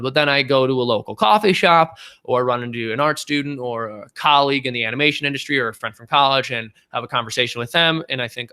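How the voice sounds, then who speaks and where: A man's voice: medium pitch, fast, hardly any pauses, bright, forceful tone, clean tone. A young man hosting a livestream Q&A, chatting in an upbeat way with frequent fillers. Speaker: channel host and animator. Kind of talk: livestream Q&A chat.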